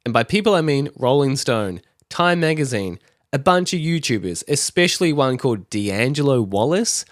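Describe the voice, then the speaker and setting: A man's voice: mid-range voice, big pitch swings, normal speed, no room sound, clean studio sound. A man talking casually to camera, explaining online drama with rambling, self-deprecating asides. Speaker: commentary YouTuber.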